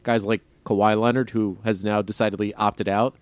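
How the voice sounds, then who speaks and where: A man's voice: lowish voice, little pitch movement, normal speed, no echo. A man co-hosting a basketball podcast in casual chat, rambling with many fillers and a wry tone. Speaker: podcast co-host.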